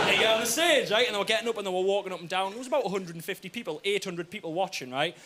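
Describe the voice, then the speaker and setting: A young man with a Geordie accent performing stand-up comedy, telling a story with lively "right?" asides. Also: high voice, racing, few pauses, background noise. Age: young adult.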